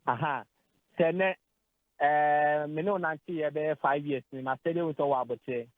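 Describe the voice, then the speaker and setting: A man's voice: a little high, moderate pace, dry recording, phone-quality sound. A man with a Ghanaian accent talking sports on the radio, getting emotional, hesitating and repeating words as he switches between Twi and English. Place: radio studio.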